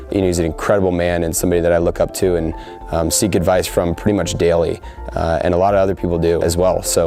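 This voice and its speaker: A young man in his twenties talks quickly and earnestly in an interview, his low, mellow voice full of "you know" and "um." Faint soft music plays behind him. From United States. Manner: earnest, heartfelt, with frequent fillers. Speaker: soldier interviewed before deployment. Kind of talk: sit-down interview.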